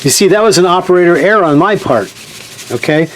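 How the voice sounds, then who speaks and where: A man's voice: high-pitched, expressive, a little fast, slight background noise. A man teaching a hands-on sewing demonstration in a chatty way, often checking in with his viewers. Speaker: sewing instructor.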